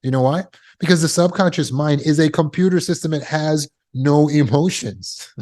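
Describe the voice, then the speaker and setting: A man's voice: on the high side, moderate pace, a little mellow. A man teaching trauma recovery as a coach, speaking emphatically and repeating phrases for effect. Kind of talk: motivational teaching talk.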